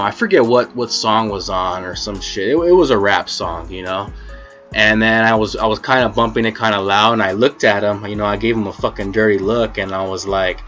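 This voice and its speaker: Low-voiced man telling a rambling story. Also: bright, forceful tone. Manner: rambling, profane, constant "you know" fillers. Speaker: former rideshare driver. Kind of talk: casual storytime vlog.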